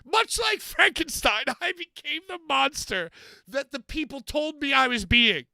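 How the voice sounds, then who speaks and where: A man telling a story on a podcast, animated, swearing often and acting out moments. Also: very high-pitched, unhurried, gravelly, no echo. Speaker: podcast co-host. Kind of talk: casual comedic storytelling.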